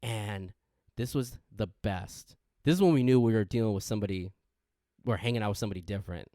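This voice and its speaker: Speaking fairly quickly, a young man co-hosting a podcast spins a story with many restarts and stammers, voicing quotes through big pitch jumps. The studio sound is clean, with no room sound.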